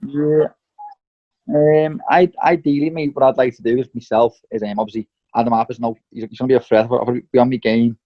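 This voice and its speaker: A man's voice: mid-range voice, fairly even intonation, a little fast. A young man, a professional boxer speaking candidly and bluntly in an interview, swearing freely and calling people "mate" and "lad". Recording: slightly dull lo-fi audio.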